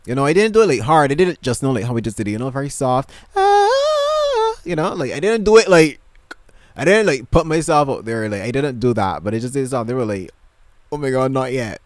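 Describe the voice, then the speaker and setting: A man's voice: mid-range voice, lively intonation, fast talker, dry recording, clean studio sound. A man vlogging casually from his bedroom, gushing and emotional, rambling with lots of fillers and restarts. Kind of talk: casual chat to camera.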